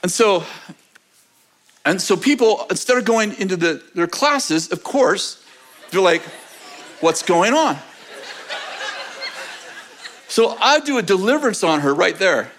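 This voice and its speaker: A man telling a testimony story in a sermon, animated and often laughing as he talks. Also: sits high, moderate pace. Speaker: preacher.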